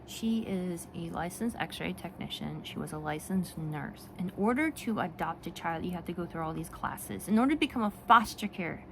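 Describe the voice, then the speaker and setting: A woman talking casually in a vlog, animated and rambling, with frequent restarts and laughs. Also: lowish voice, moderate pace, creaky, few pauses, noisy background. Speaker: vlogger and children's book author. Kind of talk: casual talk to camera.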